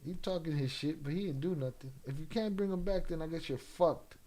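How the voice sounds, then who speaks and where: A man's voice: fairly high pitch, a little fast, dark tone. A laid-back, profane man hosting a livestream. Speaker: livestream host. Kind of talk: casual chat with live viewers.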